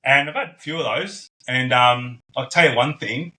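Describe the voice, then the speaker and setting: Bright-voiced man telling stories. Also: medium pitch, normal speed. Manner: animated, acts out quoted voices. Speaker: guest. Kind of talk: casual storytelling.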